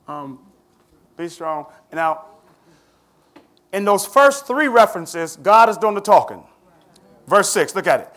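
A man's voice: a little high, fairly bright tone. A man teaching a Bible study, questioning his listeners in a conversational way and laughing often.

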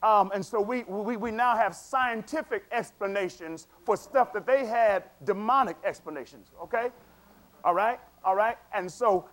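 A man's voice: high voice, moderate pace, fairly bright tone. A man preaching a sermon in a casual, conversational way, repeating words and checking in with the congregation.

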